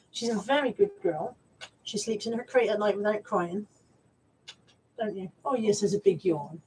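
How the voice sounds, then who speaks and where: A woman's voice: medium pitch, warm tone, slightly rough, low-quality recording. A middle-aged woman chatting casually on a live stream, reading out viewer comments and talking about her resale stock. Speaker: vlogger and reseller.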